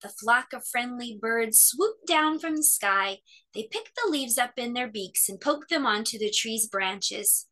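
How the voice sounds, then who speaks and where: A woman hosting children's story time, reading a picture book aloud with expressive, animated storytelling. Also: a little high, unhurried.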